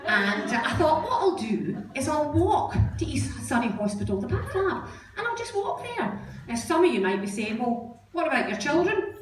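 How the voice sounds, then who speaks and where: With a high, very animated delivery at moderate speed, the middle-aged Scottish stand-up spins self-deprecating stories for a comedy club crowd. Audience laughter rings through the roomy, distantly miked stage audio.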